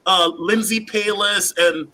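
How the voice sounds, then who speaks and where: A man talking as a guest on a casual panel, rambling and animated, often repeating words as he builds his point. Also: high-pitched, slow, a little hiss or hum.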